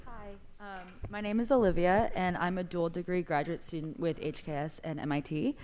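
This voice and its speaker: A young woman in the audience at a public forum, politely asking a measured question with a few fillers. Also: fairly low pitch, fairly even intonation, darkish tone, slight background noise.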